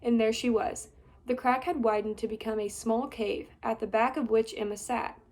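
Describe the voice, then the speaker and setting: A woman in her twenties reading a children's chapter book aloud in a steady, clear way. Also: fairly high pitch, normal speed. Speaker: storybook reader. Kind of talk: children's story read-aloud.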